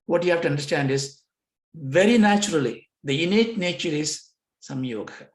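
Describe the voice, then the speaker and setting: A man's voice: a little high, expressive, normal speed. Man teaching in an echoey room. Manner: plays out dialogues with himself in questions and answers. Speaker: yoga philosophy teacher. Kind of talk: lecture on scripture. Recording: roomy echo.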